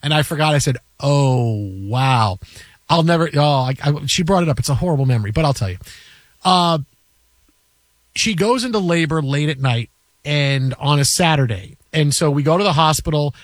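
A sports talk host in his forties spins an animated story and acts out the quotes. His voice sits high for a man. The sound is dry and close. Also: moderate pace, no echo. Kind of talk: casual sports talk chat.

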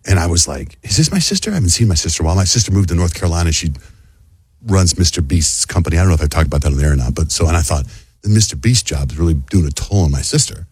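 A man hosting a morning radio show, telling chatty stories and doing animated voices when he quotes people. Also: sits low, rapid-fire, slightly rough, no room sound. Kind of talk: casual morning radio banter. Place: radio studio.

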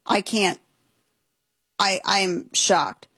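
A woman's voice: medium pitch, extremely slow, bright, forceful tone, husky, no echo. A woman hosting a talk show, giving indignant, sarcastic commentary with plenty of emphasis. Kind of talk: opinionated commentary.

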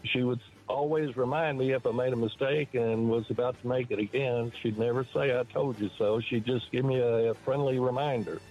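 A man's voice: mid-range voice, fairly even intonation, normal speed, hardly any pauses, lo-fi sound. An older man calling in to a radio show, speaking in a plain, matter-of-fact way. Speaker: caller. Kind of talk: call-in radio chat.

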